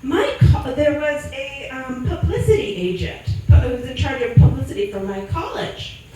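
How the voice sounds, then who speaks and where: High, lively woman doing crude stand-up. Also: moderate pace, soft background music. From Sacramento, California. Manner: crude, self-deprecating storytelling. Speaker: stand-up comedian. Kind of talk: stand-up comedy set. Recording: echoey room mic'd from a distance.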